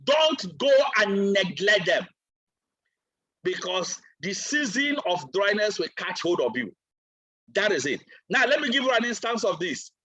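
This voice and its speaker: Guy preaching at a training, high bright voice, hammers every point. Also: sing-song, unhurried, slightly rough, low-quality recording. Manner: emphatic and repetitive, asks for water mid-talk. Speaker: trainer and speaker. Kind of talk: motivational training talk delivered like a sermon.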